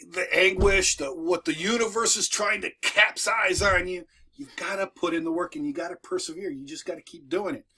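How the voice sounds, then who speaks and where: Man, high-pitched, bright voice, casual motivational talk, folksy and repetitive, recorded at home. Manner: repetitive, folksy, restarts often. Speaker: moving business coach and video host. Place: at home with dogs nearby.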